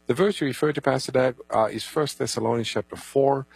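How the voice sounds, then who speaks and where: A man co-hosting a call-in Bible radio show, calmly explaining scripture and introducing callers. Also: mid-range voice, a little fast, creaky, slightly rough, soft background music, poor audio. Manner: calm, reassuring, gives phone numbers and takes calls.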